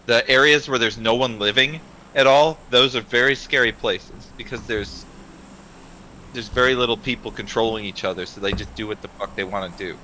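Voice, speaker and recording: A man's voice: medium pitch, normal speed, pushed and bright, a little hiss or hum, poor audio. A man chatting casually on a stream, blunt and matter-of-fact, swearing freely. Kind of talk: casual chat.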